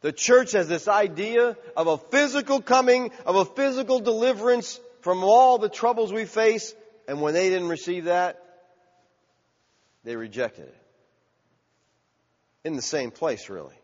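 A man preaching a sermon, asking the congregation questions and building to loud cries. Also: high-pitched, animated, measured pace, long pauses. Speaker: pastor. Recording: dull sound with long hall reverb.

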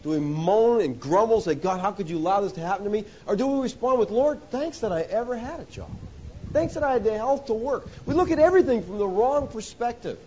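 Male pastor, sermon delivery, lively pitch, slightly high voice, muffled lo-fi recording with faint hiss. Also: fairly quick. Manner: emphatic preaching, swinging between loud exhortation and hushed lows; addresses listeners as "folks". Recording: dull lo-fi sound with faint hiss.

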